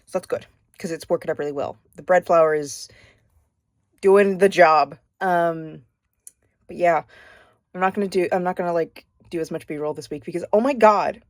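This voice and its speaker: A young woman talks to her camera at home in a loose, rambling way, often poking fun at herself. Her voice sits a little low for a woman. The sound is close and dry. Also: fairly even intonation, moderate pace, long pauses, no echo. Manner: chatty, rambling, self-deprecating. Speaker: vlogger. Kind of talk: casual vlog chat.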